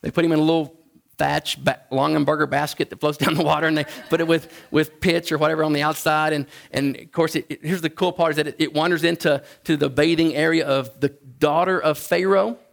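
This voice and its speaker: A man preaching a sermon in a conversational, halting way, often restarting his sentences. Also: fairly even intonation, gravelly. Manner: acts out the Bible figures in a higher voice. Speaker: pastor.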